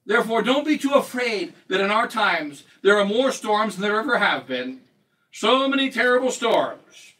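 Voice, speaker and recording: A man's voice: high voice, big pitch swings, moderate pace, sharp tone, distant mic, low-quality recording. A man preaching a sermon as a bishop, emphatic and repetitive, quoting scripture along the way. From United States.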